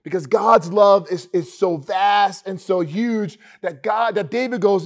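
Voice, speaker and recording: A man's voice: high-pitched, unhurried, hardly any pauses. A man preaching a sermon to an online congregation, talking conversationally and repeating words for emphasis. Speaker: pastor. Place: church online worship video.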